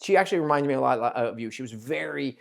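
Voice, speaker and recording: A man's voice: medium pitch, animated, quick pace, creaky. A man hosting a podcast as a plastic surgeon, telling patient stories candidly, with casual swearing and acted-out quotes. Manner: candid storyteller, swears, acts out quoted voices. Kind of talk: casual conversation.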